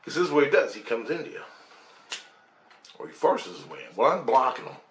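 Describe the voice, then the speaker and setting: A man's voice: medium pitch, big pitch swings, fairly quick. A man intensely recounting a personal experience, emphatic, swearing and making sound effects as he tells it. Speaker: storyteller. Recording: roomy sound with faint background noise.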